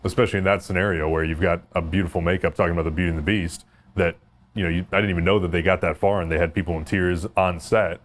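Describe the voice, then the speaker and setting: A man hosting a casual panel of makeup artists, telling stories in an animated way. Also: sits low, fast talker, slight background noise. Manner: animated storyteller.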